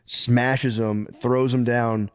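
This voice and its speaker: A man's voice: mid-range voice, level tone, drawn-out words, clean tone. A man co-hosting a podcast, telling a history story in casual comedic chat, rambling and profane, laughing often. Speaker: podcast co-host.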